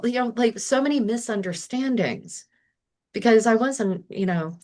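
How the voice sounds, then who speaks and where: A woman's voice: on the high side, lively intonation, measured pace, a little mellow. A middle-aged woman talking as a podcast guest, reflective and acting out her own inner thoughts as she goes. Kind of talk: casual interview talk.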